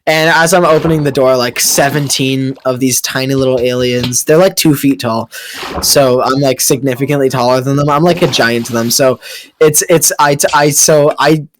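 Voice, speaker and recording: A man's voice: medium pitch, steady tone, moderate pace, slight background noise. A young man improvising a crude tall tale late at night in a rambling way, full of fillers and restarts, on a computer mic during a game recording. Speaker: friend telling a story.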